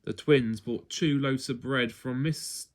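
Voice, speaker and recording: A man reading a children's story aloud at home in an expressive, playful way. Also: mid-range voice, takes it slowly, slight background noise.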